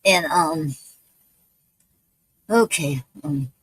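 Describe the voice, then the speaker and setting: Out of breath woman streaming her poems, halting, lots of ums, dry close sound. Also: sits low, lively intonation, a bit bright, slightly rough, dry recording, poor audio. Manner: halting, many fillers and restarts. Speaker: poet hosting a live stream. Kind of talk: casual live-stream chat and poetry reading.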